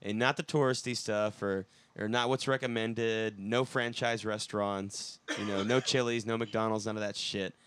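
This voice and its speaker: A man with a lowish, smooth voice talks in a loose, rambling way and swears casually. He chats easily in a dry, close-sounding space. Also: fairly even intonation, normal speed, few pauses, fairly bright tone, dry recording. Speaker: band member, songwriter. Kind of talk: casual podcast chat.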